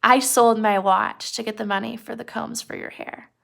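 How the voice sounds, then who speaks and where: A woman voicing a calm, gentle young husband who speaks slowly and reassuringly. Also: on the high side, creaky.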